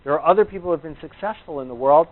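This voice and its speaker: A man's voice: on the high side, rapid-fire. A man, a chiropractor, giving a rambling anecdotal talk to a live audience. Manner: rambling, conversational storytelling. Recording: tinny, phone-like narrow sound.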